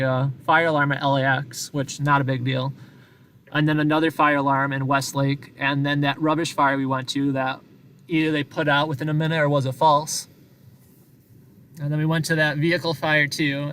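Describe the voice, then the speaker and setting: Sitting in a parked car, this Wisconsin man with a matching accent chats loosely with his live-stream audience, wandering from point to point and poking fun at himself. He's a news chaser with a fairly high, slightly bright voice. Faint background noise can be heard.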